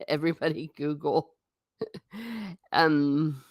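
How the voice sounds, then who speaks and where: Middle-aged woman chatting on her live stream, animated, reading out comments, dry close mic. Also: low voice, drawn-out words, no echo. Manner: chatty, animated, reads viewer comments aloud. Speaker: host. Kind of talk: casual live-stream chat.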